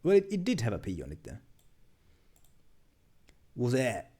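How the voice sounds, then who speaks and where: A man in casual live-stream chat, reading memes aloud and puzzling them out. His voice swings widely in pitch yet stays mellow and dark in tone. He mutters, restarts sentences and laughs at the jokes. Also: huge pitch swings, a little slow, slightly rough.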